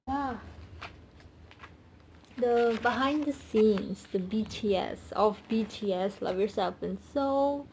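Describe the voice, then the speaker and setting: A young woman vlogger unboxing a DVD set at home, gushing and squealing with delight between quieter asides. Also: on the high side, slow, slight background noise. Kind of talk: excited unboxing vlog.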